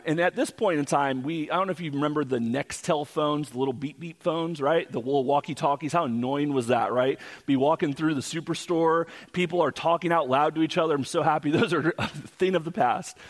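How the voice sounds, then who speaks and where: A male pastor telling a personal story in a sermon, animated and vivid. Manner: animated storyteller, rising pitch in tense moments. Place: church sanctuary. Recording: long church hall reverb.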